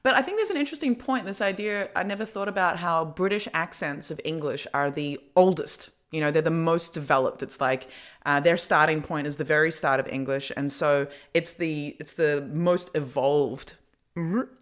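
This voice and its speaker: Low-voiced woman rambling through a story. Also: moderate pace. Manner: rambling storyteller, many fillers and restarts. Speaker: podcast host. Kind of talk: casual chat.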